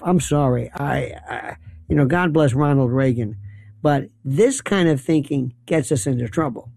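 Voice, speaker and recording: A man's voice: on the high side, gravelly, darkish tone, no room sound. A man delivering a sarcastic, incredulous political rant as a commentator. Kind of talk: ranting monologue. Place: New York City.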